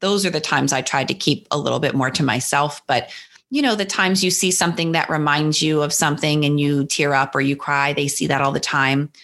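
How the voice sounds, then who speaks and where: A woman's voice: deep voice, fairly even intonation, a little fast. A woman from New Jersey, a guest and author, candidly and reflectively telling a personal story in an interview. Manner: reflective, candid, acts out her son's lines brightly.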